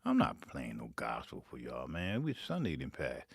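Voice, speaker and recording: A man's voice: rumbling low, normal speed, vocal fry, breathy edge, no room sound. A man chatting casually while making beats live, rambling and profane. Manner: profane, rambling, animated storyteller. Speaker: beatmaker streaming live.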